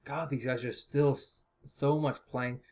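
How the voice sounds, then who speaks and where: A man calls a strategy game match in loose, casual commentary. He rambles and jokes as he thinks aloud, in a voice of ordinary, middling pitch. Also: fairly even intonation, measured pace, a little mellow. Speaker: esports caster.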